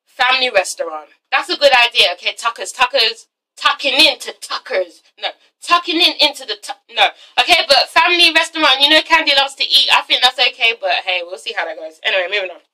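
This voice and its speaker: Young woman, high bright voice, blunt and sweary reviewer, a bit far from the mic. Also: lively intonation, fairly quick. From England. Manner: blunt, swears a lot, repeats "okay?". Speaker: reality TV reviewer. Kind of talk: casual commentary vlog.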